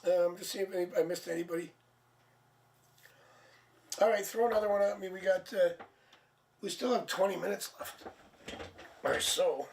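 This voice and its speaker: A man hosting a live tarot stream, chatting casually and sounding tired and low on energy. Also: normal speed, vocal fry, pauses often, darkish tone. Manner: chatty, laughs at himself, thinks aloud. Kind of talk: casual live-stream chat and card reading. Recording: distant mic, faint background noise.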